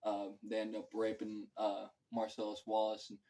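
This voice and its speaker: A man's voice: on the low side, monotone, moderate pace, mellow, poor audio. A man giving a casual, rambling film review, full of fillers and loose, profane talk. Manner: filler-heavy, loose and profane, acts out quotes. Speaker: movie reviewer.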